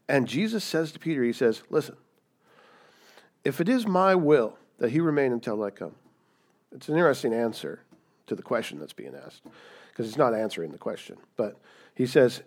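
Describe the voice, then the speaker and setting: A middle-aged man preaching a sermon with plenty of energy. His voice swings from hushed, low asides up to loud, high emphatic lines. He keeps throwing questions back at his listeners. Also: very animated, moderate pace, vocal fry, long pauses. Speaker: pastor.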